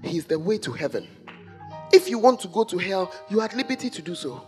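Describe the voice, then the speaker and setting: A male pastor delivers a scolding sermon in a church. His voice sits high and swings widely up and down as he fires rhetorical questions, with soft music faintly underneath. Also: big pitch swings, a little fast.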